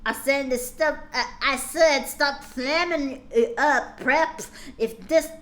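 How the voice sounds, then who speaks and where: A high-voiced woman streamer reads a terrible fan story aloud at a slow, deliberate pace. She keeps breaking off into exasperated, sarcastic comments to her chat. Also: a bit bright. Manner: exasperated, laughing, sarcastic asides. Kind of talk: live-stream dramatic reading.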